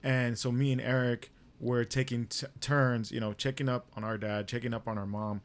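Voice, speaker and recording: A man's voice: mid-range voice, little pitch movement, moderate pace. A young man co-hosting a podcast, telling a family story in casual chat, cursing freely and acting out what people said. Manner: swears freely, relives scenes in quoted dialogue. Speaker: podcast co-host.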